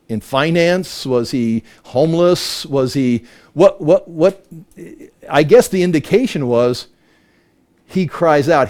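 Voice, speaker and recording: A man leads a Bible study verse by verse in a conversational voice. He keeps posing rhetorical questions to the group, and his voice sits a little high. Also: darkish tone. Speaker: Bible teacher.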